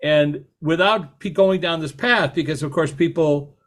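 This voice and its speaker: A man hosting a podcast interview, talking in a halting way with many fillers and restarts. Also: fairly high pitch. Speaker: podcast host. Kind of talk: conversational interview.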